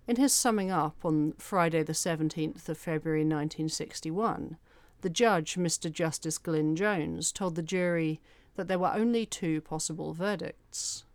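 A woman narrates a true-crime case in a measured, steady telling, her voice sitting a little low. She is recorded on a close mic in a dry, dead room. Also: dry recording. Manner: measured, even storytelling with careful detail. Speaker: podcast host.

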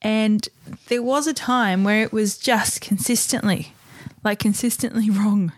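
A woman chatting casually on a podcast, quick to agree and jump in. Her voice sits at an average pitch for a woman. The sound is dry and close to the mic. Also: fairly even intonation, no room sound. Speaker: podcast co-host. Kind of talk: casual chat.

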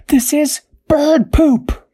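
Storybook cat, male, young, whiny man doing it; high squealing gripes, dry close sound. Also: fairly even intonation, extremely slow, warm tone, no echo, heavily acted.

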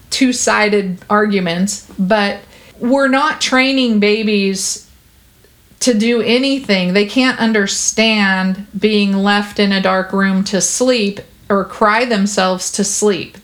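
A woman's voice: mid-range voice, fairly even intonation, slow. Woman, parenting guest; earnest, reassuring, conversational. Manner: earnest, reassuring, talks with many fillers. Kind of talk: conversational interview.

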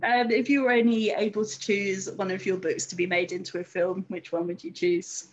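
A woman's voice: mid-range voice, little pitch movement, moderate pace. A woman interviewing an author, asking questions in a playful, teasing way. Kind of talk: casual interview chat. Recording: dull lo-fi line with faint noise.

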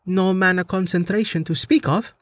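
A man's voice: high voice, moderate pace, voice pushed up, natural voice. A man voicing a practical young woman mage in a raised, dry, matter-of-fact voice.

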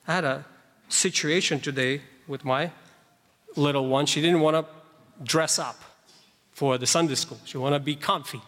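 A man's voice: on the high side, unhurried, long pauses, fairly bright tone. Man preaching in a reverberant hall. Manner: emphatic, reads and explains scripture verses; conversational asides to the congregation. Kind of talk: sermon. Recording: long reverb of a large hall.

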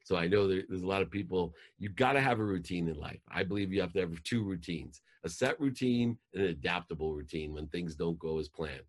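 A man's voice: sits low, fairly quick, few pauses. A man in his forties, a life coach telling a motivational story in an intense, emphatic way.

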